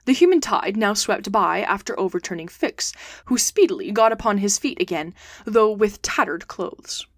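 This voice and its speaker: A woman reads a classic adventure novel aloud as host of a storytelling show. Her voice is mid-pitched and steady, with clear, expressive narration. The recording is dry and close, with no room sound. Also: normal speed, no room sound.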